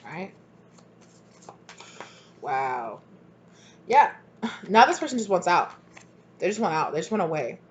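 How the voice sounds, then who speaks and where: Animated, blunt woman giving a tarot reading. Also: takes it slowly, long pauses, a little hiss or hum. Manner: animated, acts out both sides of arguments in sudden high voices; blunt and swears freely. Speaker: tarot reader. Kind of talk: casual spoken tarot reading. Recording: dull lo-fi recording.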